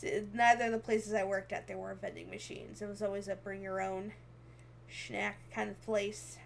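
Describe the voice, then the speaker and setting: A woman's voice: mid-range voice, little pitch movement, normal speed, vocal fry, slight background noise. A young woman streaming as a VTuber, chatting casually and giggling often as she reads comments aloud. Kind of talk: casual livestream chat, reading comments.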